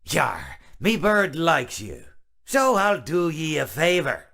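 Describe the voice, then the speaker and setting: Polite gravelly pirate fox. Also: male voice, on the high side, huge pitch swings, takes it slowly, pushed and bright, exaggerated voice. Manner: courteous pirate talk.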